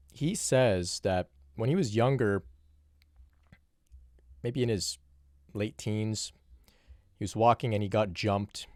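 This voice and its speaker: Low-voiced man answering spiritual questions. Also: darkish tone, no echo, studio quality. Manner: reflective, unhurried, with frequent restarts and "you know". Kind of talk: solo Q&A monologue.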